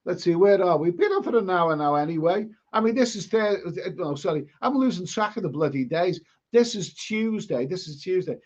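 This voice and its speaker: Brisk and barely pausing, a man with a high, lively voice chats on a casual live stream while reading viewer comments. He rambles, repeats himself, and starts sentences over, and the recording has a dull, lo-fi quality.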